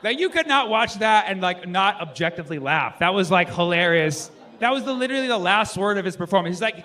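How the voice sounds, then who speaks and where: A male stand-up comedian performing a loose, rambling set, breaking into shouted impressions. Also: high-pitched, animated, fairly quick. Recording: noisy live club recording with crowd. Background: audience laughter.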